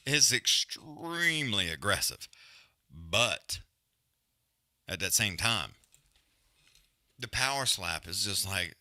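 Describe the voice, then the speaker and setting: Animated profane fight commentator. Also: male voice, on the low side, drawn-out words, long pauses. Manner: loose, profane, animated breakdown with slang. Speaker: fight watch-along host. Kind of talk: casual live fight commentary.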